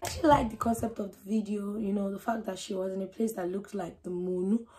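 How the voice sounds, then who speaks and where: Woman, reaction video host, casual chat, emotional, gushing, medium pitch, faint background noise. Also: steady tone, fast talker. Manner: emotional, gushing, laughing softly between remarks.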